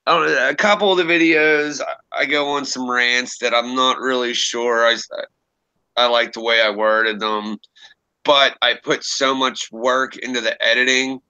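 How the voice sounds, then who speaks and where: A man's voice: mid-range voice, steady tone, moderate pace, sharp tone, clear, resonant tone, muffled recording. A young man streaming from home, chatting casually, rambling and profane, often laughing at himself. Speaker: streamer and creepypasta narrator. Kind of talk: casual livestream chat. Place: home room.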